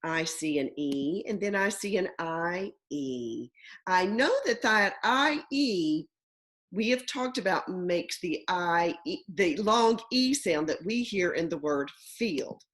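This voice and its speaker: A woman teacher walks young children through a phonics lesson, spelling out letter patterns and stretching words. Her voice sits a little low and swings widely in pitch. She speaks very slowly and deliberately. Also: expressive, fairly bright tone. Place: home.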